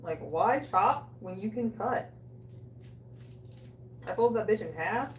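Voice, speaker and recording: A woman hosting a cooking livestream, chatting casually, loud, joking and swearing with her chat. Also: mid-range voice, animated, takes it slowly, slight background noise. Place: small bathroom. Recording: echoey room, a bit distant.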